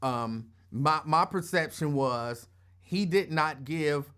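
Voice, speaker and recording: A man hosting a casual sports talk, explaining his view in a measured way. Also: fairly high pitch, fairly bright tone, clear, resonant tone. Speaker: host.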